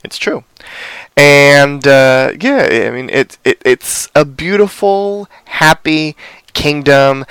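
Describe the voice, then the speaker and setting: A man casually recapping a TV episode as a podcast host, rambling with many fillers. His voice is smooth and clear, recorded dry and close. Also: mid-range voice, sharp tone, no echo.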